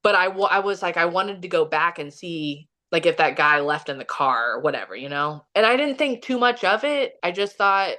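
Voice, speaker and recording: A woman's voice: on the low side, moderate pace, few pauses, sharp tone. A woman from Kansas City, Missouri, talking as a podcast guest and telling a personal story in a casual, chatty way, full of "like" and acted-out quotes. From Kansas City, Missouri, USA. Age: young adult or middle-aged, has a son. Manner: chatty, heavy use of "like", acts out quotes.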